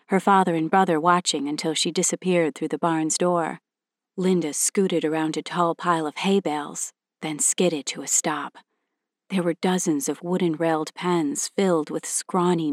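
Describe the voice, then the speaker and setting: Storyteller: woman, lowish voice, steady clear narration, dry close recording. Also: no room sound.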